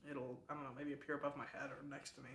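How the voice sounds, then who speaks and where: A man's voice: mid-range voice, flat delivery, very fast, gravelly, fairly bright tone, slight background noise. Chatty man in an echoey room. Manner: chatty, lots of fillers and restarts. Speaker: book club host. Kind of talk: casual book summary retelling.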